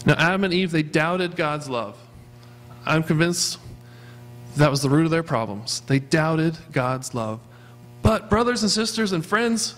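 A man's voice: fairly high pitch, expressive, unhurried, fairly bright tone. A man preaching a sermon as pastor of a church, earnestly asking his congregation questions. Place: church sanctuary.

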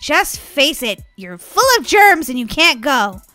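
A woman hosting a family role-play game video, bratty, teasing and quick to shout. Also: sits high, very animated, faint music behind. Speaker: gaming channel host playing Molly.

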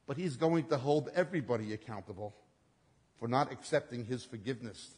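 A man preaching a sermon, swinging between loud emphatic peaks and low quiet drops, acting out the quoted lines. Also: brisk, slightly rough. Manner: dramatic swings in pitch and loudness, acting out quotes. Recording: long hall reverb.

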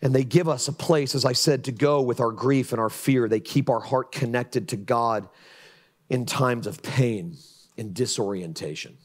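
A middle-aged man preaching a sermon as pastor in a church, swinging from pleading outbursts to hushed, reflective lows. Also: normal speed. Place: church sanctuary.

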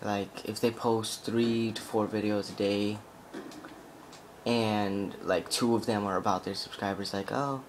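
Rambling, swearing young man, low voice. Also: level tone, measured pace, a little hiss or hum. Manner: rambling, profane, heavy on "like" fillers. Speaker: gameplay commentator. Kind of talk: casual gameplay commentary with tips.

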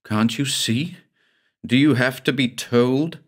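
A man's voice: mid-range voice, slow pace, voice pushed up. A man voicing a terrified, half-possessed young woman who babbles and sobs. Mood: bitter. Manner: babbling, sobbing, pleading.

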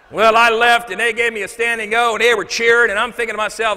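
A male motivational speaker delivering a storytelling keynote on stage, animated, switching between loud bursts and hushed asides. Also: very high-pitched, fast, hardly any pauses. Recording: echoey large hall.

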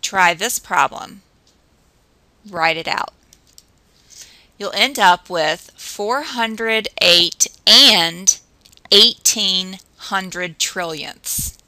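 A woman teacher narrating a recorded math lesson, explaining patiently and counting through drills slowly. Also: mid-range voice, bright, forceful tone, dry recording, low-quality recording.

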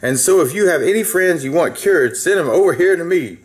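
A man's voice: fairly high pitch, expressive, fairly quick, natural voice. A man voicing a sly, hungry big black bear who lures his prey with coaxing talk. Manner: coaxing and sly, then harsh.

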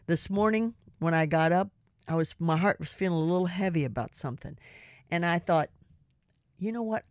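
A woman's voice: fairly low pitch, a little fast, clear, resonant tone, no echo, clean studio sound. An older woman giving an earnest, personal devotional talk to women listeners and reading scripture aloud. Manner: earnest and personal, quotes scripture in King James wording. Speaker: devotional speaker.

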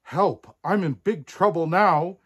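A spoiled young princess from a storybook, shrill and indignant, as a man reading aloud puts her on. She snaps and protests, pitched well above a grown man's voice and pushed loud. Her temper is always on the boil. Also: brisk, lightly acted. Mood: furious.

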